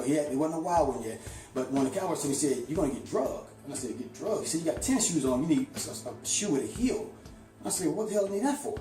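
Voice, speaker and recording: A man from St. Louis telling a long, rambling story in a casual, animated way, with lots of "you know.". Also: mid-range voice, reverberant. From St. Louis, USA.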